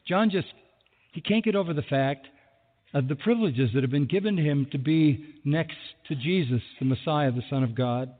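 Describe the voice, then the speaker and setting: A man preaching a sermon with lively delivery who acts out the people he quotes, recorded in a large hall. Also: fairly high pitch, normal speed. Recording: phone-like sound with long hall reverb.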